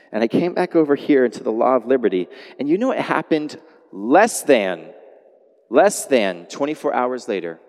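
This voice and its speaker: A man preaching a sermon as a pastor, animated, moving between quiet lines and loud exclamations. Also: medium pitch. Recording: long hall reverb.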